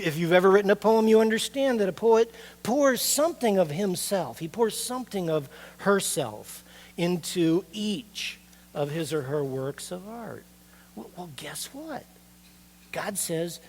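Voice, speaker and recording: A middle-aged man preaching a sermon as a pastor, conversational and animated, asking the congregation rhetorical questions. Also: high-pitched, vocal fry.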